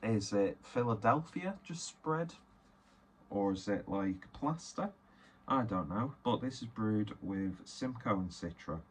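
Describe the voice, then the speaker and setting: A man's voice: on the low side, lively intonation, slow pace, husky. A man chatting casually and self-deprecatingly as he unboxes and reviews beers, rambling with many fillers. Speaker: beer reviewer.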